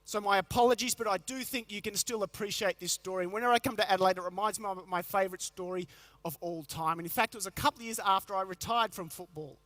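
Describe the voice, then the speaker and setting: Bright-voiced man on stage. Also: high-pitched, no room sound. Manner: storytelling with quick joke voices. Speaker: motivational speaker. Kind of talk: comic keynote speech to a large crowd.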